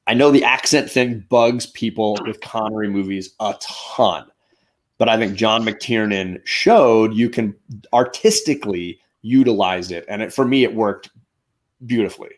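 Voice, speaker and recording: A man's voice: lowish voice, a little slow. A man hosting a casual movie review discussion, talking with enthusiasm and restarting his sentences now and then. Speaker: show host.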